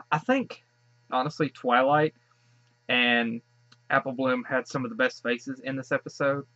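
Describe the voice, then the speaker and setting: A man's voice: mid-range voice, a bit bright, no room sound. Gushing man with a dull lo-fi sound. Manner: gushing and rambling, many restarts. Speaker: show reaction host. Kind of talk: casual reaction commentary.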